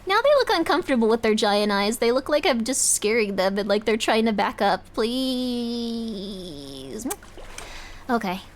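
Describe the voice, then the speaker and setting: A woman's voice: a little high, lively intonation, measured pace, a little hiss or hum. A woman streaming a game live, chatting to her viewers in a rambling, easily startled way.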